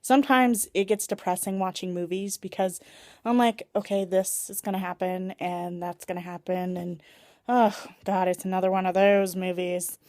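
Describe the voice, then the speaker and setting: A woman's voice: mid-range voice, level tone, normal speed, a little mellow, no room sound. A chatty woman vlogs into her phone camera at home. She talks casually and animatedly, laughs often and acts out her own reactions. The sound is close and dry. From Seattle area. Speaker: vlogger. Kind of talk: casual vlog chat.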